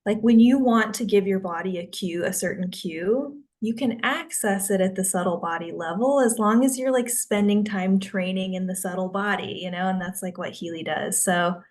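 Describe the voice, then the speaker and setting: A woman's voice: medium pitch, normal speed, hardly any pauses, darkish tone. A woman guest in a casual chat who rambles, packing her talk with filler words and restarts.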